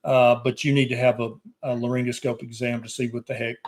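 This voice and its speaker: Plain-spoken doctor hosting a live show. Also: male voice, mid-range voice, flat delivery, brisk. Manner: plain-spoken, direct, reassuring advice. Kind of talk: casual live-stream chat, reading viewer questions aloud.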